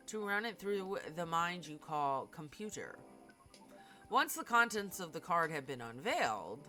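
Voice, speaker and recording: A woman's voice: sits low, sharp tone, heavily acted. A woman reading a game aloud, voicing a formal alien being who speaks as a collective "we", in a stiff, precise manner.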